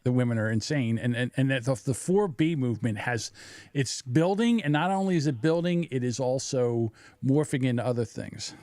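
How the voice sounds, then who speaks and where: A man's voice: medium pitch, expressive, moderate pace, darkish tone, no echo. A man co-hosting a podcast, bantering with provocative jokes in casual chat. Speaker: podcast co-host.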